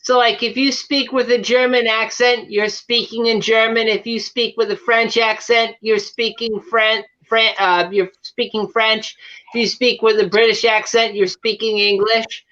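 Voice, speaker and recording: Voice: mid-range voice, level tone, a little slow, pushed and bright. A guest in a casual chat who talks with rambling enthusiasm. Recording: dull lo-fi audio.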